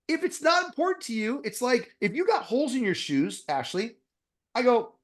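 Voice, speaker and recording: Blunt, animated, swearing middle-aged man. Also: extremely high pitch, normal speed. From Florida, US. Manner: blunt, profane, animated, acts out quoted exchanges. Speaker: dentist and guest. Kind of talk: blunt podcast interview.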